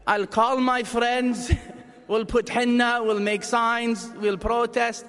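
A man's voice: very high voice, little pitch movement, fairly bright tone, clear, resonant tone, pitched above the performer's own voice, full character voice. A man doing a fiercely protective mother. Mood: indignant. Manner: slow, emphatic and indignant. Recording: reverberant hall.

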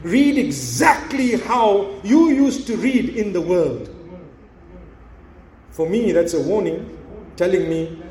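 A man with a high, light voice delivers a sermon in a roomy, echoing hall. He speaks earnestly to his audience, coaxing and encouraging them with rhetorical questions. The reverberation of the room hangs on each phrase. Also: darkish tone. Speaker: Islamic preacher.

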